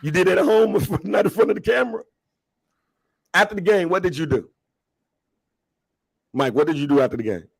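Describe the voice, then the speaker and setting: A man co-hosting a podcast in heated casual banter, loud and teasing, repeating himself insistently. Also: sits high, fairly quick, creaky, long pauses, slightly rough, no room sound. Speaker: podcast co-host.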